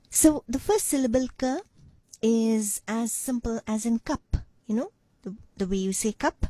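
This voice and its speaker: A woman's voice: medium pitch, expressive, unhurried, mellow, husky, no room sound. A woman presenting a radio language lesson in a studio, encouraging and drawing out syllables as she teaches.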